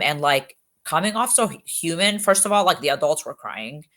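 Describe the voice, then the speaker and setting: In a candid interview, a woman police officer from Egypt shares her stories with lively intonation and a somewhat bright tone, though her voice is unusually low. Her delivery is earnest and emphatic, with quick bursts and frequent fillers.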